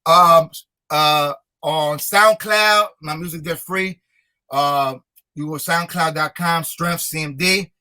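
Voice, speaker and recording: Young rapper guest, high bright voice, repeats himself for emphasis. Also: male voice, slow pace. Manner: emphatic, repetitive, motivational. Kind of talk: casual interview talk.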